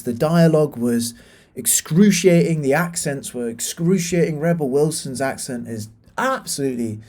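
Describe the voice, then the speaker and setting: A man's voice: medium pitch, warm tone. A young British man from the UK ranting casually about bad films as a reviewer, exasperated and full of fillers and restarts. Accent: British English. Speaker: film reviewer. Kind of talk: casual opinionated film review.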